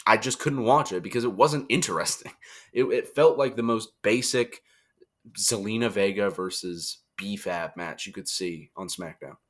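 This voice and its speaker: A man's voice: fairly low pitch, normal speed, fairly bright tone. Tired, chatty young man reviewing wrestling. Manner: chatty, jokey, acts out quotes in funny voices. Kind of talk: casual review monologue.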